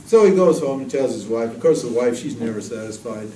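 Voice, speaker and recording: A man giving a spiritual talk, telling a story in a lively, jokey way. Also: medium pitch, brisk, hardly any pauses, a little hiss or hum. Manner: lively, jokey storyteller who laughs at his own jokes. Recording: roomy, distant mic, faint ambience.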